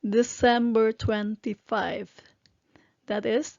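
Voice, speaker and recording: A woman from the Philippines teaching a language lesson, explaining words patiently syllable by syllable with frequent pauses and fillers. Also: medium pitch, steady tone, darkish tone, no echo, highs cut off.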